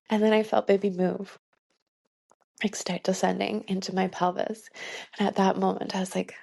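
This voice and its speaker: A woman's voice: mid-range voice, level tone, normal speed, gravelly, pauses often, darkish tone, slightly rough. A woman in her thirties telling a personal story in a podcast interview, earnest, with many "like" fillers and frequent laughs. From Canada. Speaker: guest.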